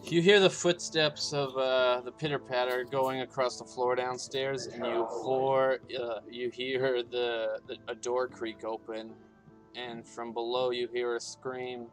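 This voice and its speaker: A man serving as game master, narrating slowly with many fillers and pauses. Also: medium pitch, flat delivery, soft background music.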